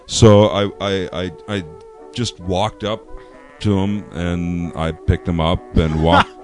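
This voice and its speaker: A lower-pitched man spinning a profane anecdote in relaxed podcast chat. He slides into quiet mumbles mid-story, and faint music sits underneath. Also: takes it slowly. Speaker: podcast co-host. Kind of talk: casual chat.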